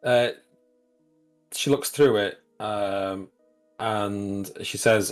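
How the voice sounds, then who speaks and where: Male game master, lower voice, loose easygoing narration. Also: takes it slowly, soft background music. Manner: relaxed, describes scenes with many restarts.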